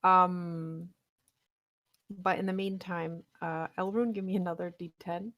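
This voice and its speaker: A woman's voice: lowish voice, steady tone, measured pace, a bit bright, slight background noise. A woman running a tabletop game as game master, chatty and laughing often, with plenty of ums.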